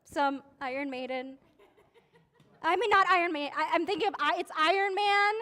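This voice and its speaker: A woman's voice: very high-pitched, moderate pace, bright, forceful tone. A woman leading a sung Passover seder, playful and joking, making animal and sound effects as she sings. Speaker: seder leader. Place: synagogue service. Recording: guitar music behind.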